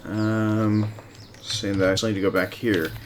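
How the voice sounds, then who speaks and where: A man's voice: on the low side, little pitch movement, unhurried, slight background noise. A man streaming a hunting game live, giving casual gameplay commentary with rambling, self-mocking asides.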